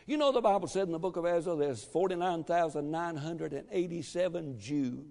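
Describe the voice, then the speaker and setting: High-voiced preacher in a reverberant church. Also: male voice. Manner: emphatic, calls for amens, shouts at peaks. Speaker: pastor. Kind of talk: sermon. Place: church sanctuary. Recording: long reverb of a church hall.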